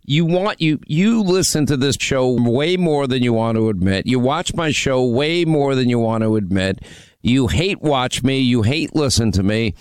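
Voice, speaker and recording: A man's voice: medium pitch, animated, moderate pace, a little mellow, smooth, no echo. A man hosting a call-in radio show, needling and mocking a caller in a brash, combative way. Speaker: radio talk show host. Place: radio studio.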